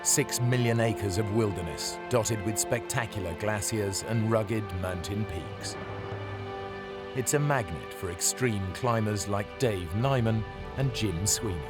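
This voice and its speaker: Male narrator, fairly low voice, measured dramatic delivery, loud score under it. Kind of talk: scripted documentary narration. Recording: voice-over over loud music.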